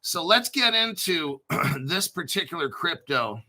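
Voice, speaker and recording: Bright, profane crypto host rambling. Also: male voice, a little high, sing-song, a little slow. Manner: profane, joking, self-mocking and digressive. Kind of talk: rambling casual crypto livestream talk.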